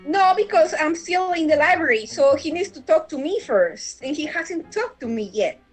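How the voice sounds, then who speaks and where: A woman playing a tabletop role-playing game, her voice pitched high. She argues earnestly and persuasively, often repeating words as she goes. Faint music sits in the background. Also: animated, moderate pace, poor audio. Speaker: player.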